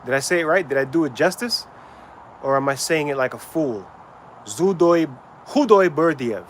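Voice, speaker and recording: A man's voice: fairly high pitch, expressive, moderate pace, slight background noise. A man livestreaming while training, chatting casually with viewers and stumbling over names as he asks questions.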